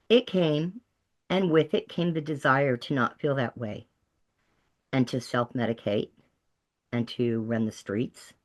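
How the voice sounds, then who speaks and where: Earnest woman telling her story with lively pitch. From Texas, USA. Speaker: peer support specialist and guest speaker. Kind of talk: personal testimony talk.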